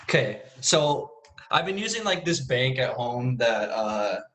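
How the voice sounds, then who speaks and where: A man's voice: medium pitch, sing-song, unhurried, a bit bright. Young man telling rambling stories, echoey room. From Central Illinois. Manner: rambling storyteller, swears, mimics his parents. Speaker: podcast co-host. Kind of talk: casual chat. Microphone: video call.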